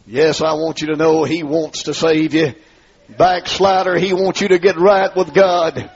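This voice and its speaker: A man with a rural Southern accent preaching his testimony in a large hall, dropping low to tell his story and rising to shout. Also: fairly even intonation, normal speed, husky. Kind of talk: fiery revival sermon. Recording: dull lo-fi recording.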